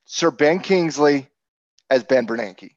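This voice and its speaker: Sarcastic, animated man hosting a trading show. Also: a little high, slow, dry recording, lo-fi sound. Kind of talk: casual market talk with a co-host.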